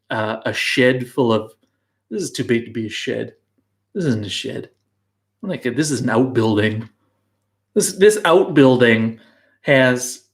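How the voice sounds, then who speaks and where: Male beer blog host, casual rambler, mid pitch, laughs at himself a lot. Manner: rambling, self-mocking, laughs often. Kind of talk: casual rambling live stream. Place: home brew house.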